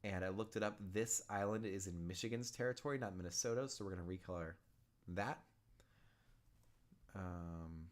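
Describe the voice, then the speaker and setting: Excitable man calling a video game. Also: deep voice, moderate pace, long pauses. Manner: excitable, rises to shouts on big plays then drops to muttering. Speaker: gaming YouTuber. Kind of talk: play-by-play commentary over a video game.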